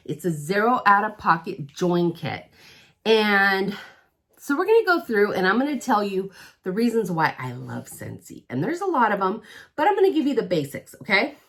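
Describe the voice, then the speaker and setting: Middle-aged woman, chatty and upbeat sales pitch, lively swooping pitch, for a direct-to-camera vlog. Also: normal speed. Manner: chatty, upbeat, keeps asking "okay?". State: out of breath.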